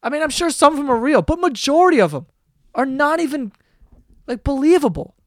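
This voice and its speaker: A man's voice: extremely high pitch, fairly quick, no echo, studio quality. A man hosting a podcast, ranting casually with lots of swearing and sarcasm. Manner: profane, sarcastic, animated ranting. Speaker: podcast host.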